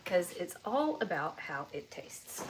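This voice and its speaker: A woman's voice: on the low side, sing-song, slow pace, background noise. A woman, chatting casually while she cooks and tastes food in her home kitchen during a live stream. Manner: chatty, folksy, talks while tasting food. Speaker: home cook hosting a live cooking stream.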